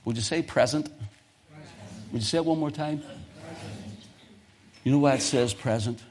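A man preaching a sermon as pastor, emphatic, swinging from loud exhortation to near whispers. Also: mid-range voice, fast talker.

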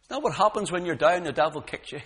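Fast, animated and husky, this preacher's fervent sermon plunges into hushed low lines and then rises into loud outbursts. He repeats words frequently as he works himself up.

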